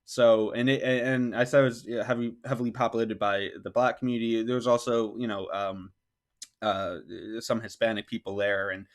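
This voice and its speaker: A man's voice: mid-range voice, fairly even intonation, moderate pace. A man hosting a podcast who tells a personal story in a casual, rambling way. He says "like" often and acts out what people said. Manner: rambling, heavy use of "like", acts out quotes. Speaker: podcast host.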